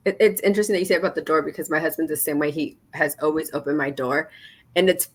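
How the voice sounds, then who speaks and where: A woman in her forties hosts a casual podcast chat in a slightly low voice. She tells stories with animation and drives her points home by repeating them. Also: quick pace. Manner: animated storyteller, acts out quoted dialogue. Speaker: podcast host.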